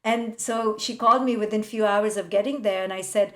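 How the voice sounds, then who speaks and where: A woman psychologist, the guest in a podcast interview, telling animated stories about parents and laughing often. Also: medium pitch, brisk. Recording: roomy echoey room.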